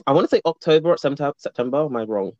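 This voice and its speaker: A man's voice: on the high side, expressive, very fast, warm tone, no room sound. A man hosting a casual chat, playful and giggly, breaking into bits of song. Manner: playful, giggly, bursts into singing. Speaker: podcast host. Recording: dull, dry, lo-fi sound.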